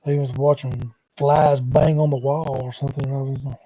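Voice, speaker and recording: A man's voice: mid-range voice, level tone, moderate pace, warm tone, no echo. A man, rambling casually on a livestream from his couch at home, talking into a laptop microphone in a drawling, wandering way with muttered asides.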